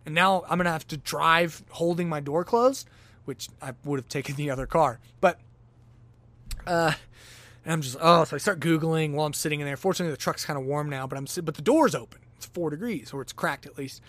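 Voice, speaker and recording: This is a man hosting his own talk show, telling a personal story as a loose monologue. His voice sits a little high, and he keeps it conversational. He jumps into lively acted-out exclamations as he goes. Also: brisk, no echo. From lives in Denver, Colorado. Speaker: podcast host.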